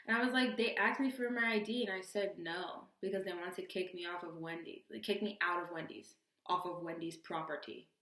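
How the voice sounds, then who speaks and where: A young adult woman telling a storytime vlog with expressive, animated delivery and acted-out quotes. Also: on the low side, a little fast, hardly any pauses, reverberant. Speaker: vlogger.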